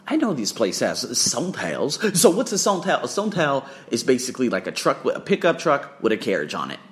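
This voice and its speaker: A man telling a travel story in a casual vlog, profane and excitable, swearing freely as he talks. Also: medium pitch, a little fast. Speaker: vlogger and English teacher.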